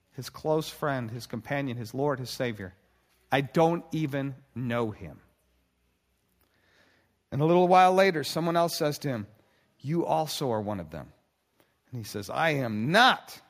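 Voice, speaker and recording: A man preaching a sermon in an earnest voice, slowing down and pausing for dramatic emphasis. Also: mid-range voice, lively intonation, big-room sound. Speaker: pastor.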